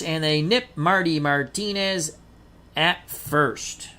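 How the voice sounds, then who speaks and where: At a measured pace, a man with a voice on the high side does play-by-play for a tabletop baseball game played with dice. Between rolls he chats excitedly with viewers, adding rhymes and asides.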